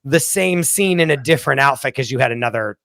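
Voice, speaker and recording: A man's voice: mid-range voice, animated, quick pace, vocal fry, fairly bright tone, no echo, studio quality. A man guesting on a podcast in casual chat, speaking emphatically and dramatically and saying "like" constantly. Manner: emphatic and dramatic, heavy use of "like".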